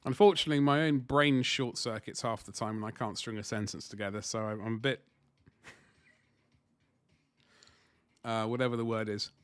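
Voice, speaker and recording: Man, casual live-stream chat while painting, rambling, dry close mic, middle pitch. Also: steady tone, moderate pace, pauses often, clean tone, dry recording. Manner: rambling, chatty, self-deprecating, thinking aloud.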